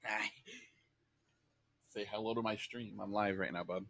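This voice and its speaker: A man's voice: lowish voice, steady tone, a little slow, creaky, a bit bright. A man chatting casually and laughing as he opens a live-streamed tabletop game he runs as game master, swearing now and then.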